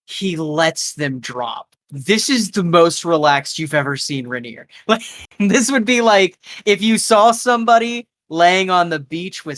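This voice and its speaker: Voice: mid-range voice, fairly bright tone, no room sound, studio quality. A game master narrating a live tabletop game in a loose, improvised way with many fillers and restarts.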